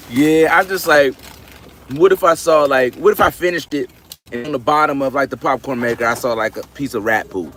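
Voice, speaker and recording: A man's voice: medium pitch, normal speed, pauses often, a bit bright, slight background noise. A man chatting casually with live viewers from his parked car, laughing often and answering comments as they come in. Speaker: livestream host. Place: parked car at a store pickup.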